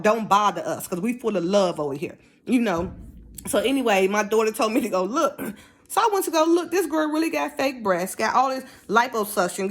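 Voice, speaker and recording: Animated woman telling a story. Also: a little high. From United States. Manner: animated, acts out dialogue in raised voice. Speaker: vlogger telling a personal story. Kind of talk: casual storytelling.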